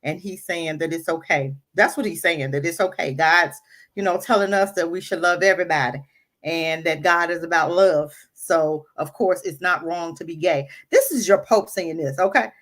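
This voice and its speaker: A woman co-hosting an online talk radio show, reacting to a clip with animated, emphatic indignation. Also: lowish voice, normal speed. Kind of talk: casual opinion talk, commenting on a played clip.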